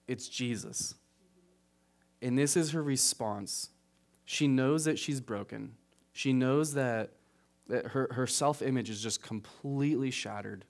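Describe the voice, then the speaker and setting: A man preaching a casual, conversational sermon as pastor, often checking in with "right?", getting animated on asides and dropping quiet on serious points. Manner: conversational, keeps asking "right?"; rises animated at asides, drops low on solemn points.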